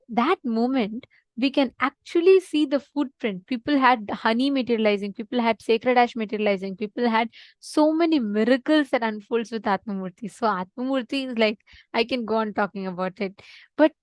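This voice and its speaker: A woman's voice: on the high side, moderate pace, dry recording. A woman instructing an online class, telling a story along the way, reassuring her listeners and often checking in with "okay?". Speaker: program instructor.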